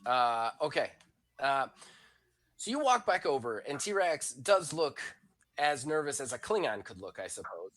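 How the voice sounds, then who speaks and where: Bright-voiced man running a tabletop game. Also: medium pitch, very animated, unhurried, poor audio. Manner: loose, chatty narration with many fillers and laughs. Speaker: game master.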